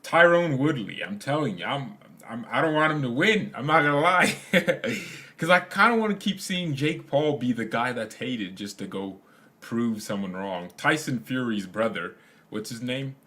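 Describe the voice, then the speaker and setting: A man's voice: mid-range voice, expressive, normal speed, sharp tone. A young man hosting a casual fan livestream, rambling in slangy chat, laughing often and reading comments aloud. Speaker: fan channel host.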